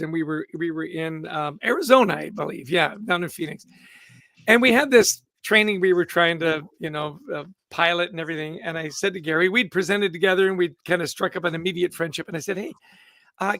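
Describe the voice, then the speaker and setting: A man's voice: on the high side, a bit bright, no echo, studio quality. A man hosting a livestream interview, talking with upbeat enthusiasm and frequent restarts. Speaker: host.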